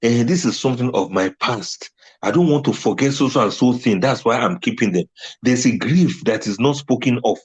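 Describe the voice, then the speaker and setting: A man's voice: medium pitch, moderate pace. A man giving a religious talk on letting go, emphatic and often laughing at his own points. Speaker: Islamic speaker.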